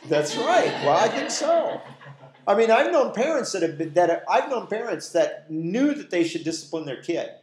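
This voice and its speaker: A man's voice: high-pitched, very animated, normal speed, background noise. A man leading a conversational Bible study in a church meeting room, folksy in manner, posing rhetorical questions and acting out quoted dialogue for a small group. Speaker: Bible teacher. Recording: echoey room.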